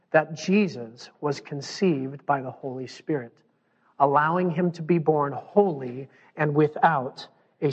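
A male pastor preaching a sermon, animated and acting out the voices of the people he quotes. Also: fairly high pitch. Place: church sanctuary. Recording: dull sound, long hall reverb.

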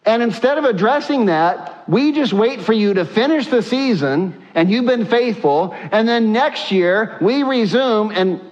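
A man preaches a sermon as a pastor in an extremely high-pitched voice, with the highs cut off in the recording. He is emphatic and repetitive, returning to his points and filling his speech with frequent "uh"s.

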